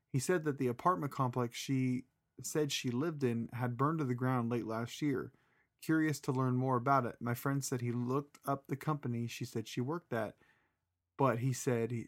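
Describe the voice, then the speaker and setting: Relaxed rambling male podcast co-host. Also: mid-range voice. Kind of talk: reading a listener story, then casual chat.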